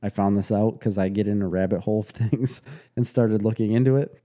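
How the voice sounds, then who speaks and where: Laid-back man with a dark, mellow voice. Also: lowish voice, brisk. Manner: animated storyteller, laughs while retelling. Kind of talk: casual movie review chat.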